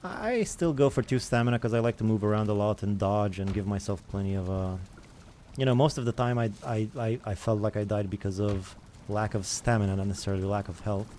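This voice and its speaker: A gaming streamer with a lowish, mellow voice talks a little fast over a faint hiss or hum. He rambles through casual let's-play commentary, mocking himself as he plays a survival game and answers chat.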